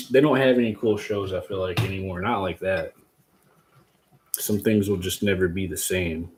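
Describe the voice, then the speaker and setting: Low-voiced goofy man hosting a DIY stream. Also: a little mellow. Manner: goofy and rambling, talks to chat. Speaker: host demonstrating a DIY agar method. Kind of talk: casual livestream tutorial.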